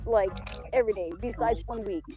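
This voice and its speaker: A woman's voice: mid-range voice, a little fast. A woman in casual podcast chat, candid and profane, laughing often and acting out the voices she quotes. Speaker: podcast guest interviewing the host. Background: background music.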